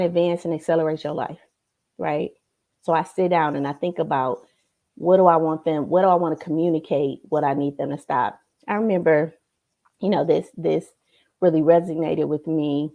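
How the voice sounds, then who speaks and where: A woman's voice: fairly low pitch, a little mellow. A woman giving a motivational coaching talk to a computer camera, emphatic and checking in often with tag questions. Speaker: life coach.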